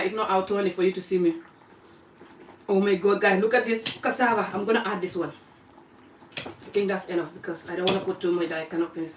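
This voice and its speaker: An African woman vlogging casually while eating, chatting in an animated way and jumping from topic to topic. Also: on the low side, slight background noise. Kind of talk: casual live-stream chat while eating. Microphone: phone camera pointed away from her. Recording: roomy phone audio from a distance.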